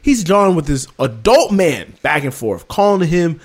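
Guy ranting through a funny story, voice jumping all over, slightly high. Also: brisk, hardly any pauses. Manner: animated, acts out dialogue with exasperated outbursts. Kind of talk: casual storytelling chat.

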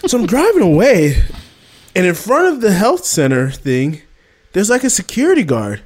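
Animated man telling an exasperated story. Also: high-pitched, normal speed. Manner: animated, acts out dialogue with exasperated outbursts. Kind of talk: casual storytelling chat.

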